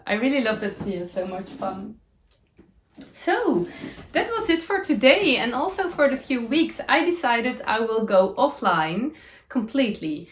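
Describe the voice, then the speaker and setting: A woman with a Dutch accent, a native Dutch speaker, chatting casually as a knitting podcast host, with many fillers, pauses and giggles. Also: fairly high pitch, a little hiss or hum. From Netherlands. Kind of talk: casual chat showing her knitting gear. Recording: roomy echo.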